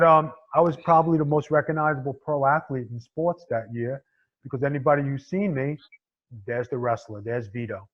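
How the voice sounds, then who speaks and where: This middle-aged Staten Island man, once a pro wrestler, speaks in a mid-range voice with a New York accent. He talks bluntly and casually in an interview, streetwise and full of "you know." The sound is lo-fi.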